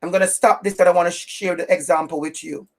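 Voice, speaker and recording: A woman's voice: on the low side, steady tone, quick pace, gravelly. Emphatic woman giving an impassioned talk. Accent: non-native English accent. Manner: emphatic, direct, repeats phrases for stress. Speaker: anti-racism educator giving a webinar talk.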